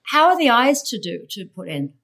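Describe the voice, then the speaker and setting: A woman's voice: a little high, very animated, moderate pace, creaky, a bit bright. A woman hosting a talk show, asking teasing, playful questions. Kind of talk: casual talk-show interview.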